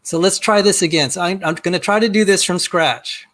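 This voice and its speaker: A middle-aged man walking through a software demo on a video call, rambling and self-deprecating, often repeating words as he starts a sentence. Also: high voice, fairly quick. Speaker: guest. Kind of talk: casual screen-share demo chat.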